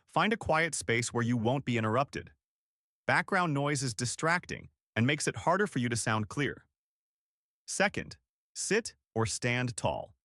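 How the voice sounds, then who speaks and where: A male instructor narrates a scripted lesson with clear, deliberate articulation. His pitch swings widely and expressively. The sound is close and dry, with no room around it. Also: fairly bright tone, dry recording. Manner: clear, deliberate coaching delivery.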